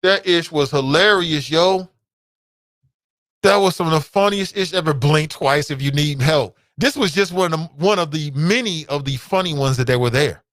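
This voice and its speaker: A man hosting a talk show with an American Midwest accent, giving casual commentary, animated and laughing, swinging from loud outbursts to low asides. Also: moderate pace, dry recording, clean studio sound.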